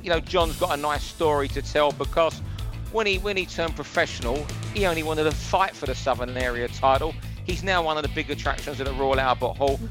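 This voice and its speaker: A man with a London accent, talking boxing as a pundit on a casual podcast, chatty and opinionated, given to rants. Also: a little high. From London, England.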